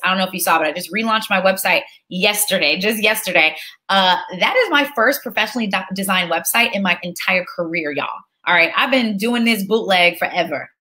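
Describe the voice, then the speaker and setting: Bright, lively woman teaching a live webinar. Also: mid-range voice. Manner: energetic, preacher-like call and response; chatty, reads audience names aloud. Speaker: online course instructor.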